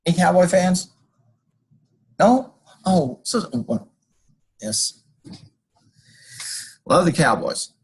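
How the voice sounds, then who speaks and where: A college instructor teaches a class by screencast in a high, sing-song, husky voice, speaking extremely slowly with frequent pauses. He walks through code and drifts into folksy personal stories, and the recording is rough.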